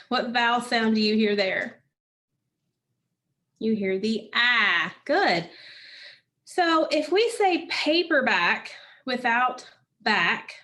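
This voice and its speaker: Female teacher, slightly high voice, slow deliberate phonics drills for kids. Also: pushed and bright. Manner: slow, patient, asks and answers own questions. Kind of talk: phonics lesson for children.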